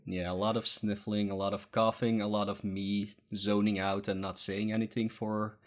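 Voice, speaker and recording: A man co-hosting a casual podcast chat, sounding half asleep and talking haltingly. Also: fairly low pitch, flat delivery. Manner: halting, lots of um and uh fillers. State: sleepy. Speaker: podcast co-host.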